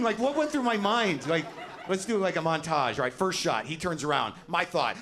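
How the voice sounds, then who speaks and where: A man's voice: a little high, lively intonation, a little fast, bright, forceful tone. A middle-aged man doing a stand-up set on a club stage, ranting and swearing with self-deprecating bite. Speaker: stand-up comedian. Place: comedy club stage with audience.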